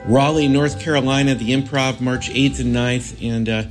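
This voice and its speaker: A man hosting a comedy podcast, announcing dates and building a bit in a deadpan, mock-grand way with plenty of "uh"s. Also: mid-range voice, normal speed, faint music behind. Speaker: podcast host. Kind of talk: casual comedy podcast talk.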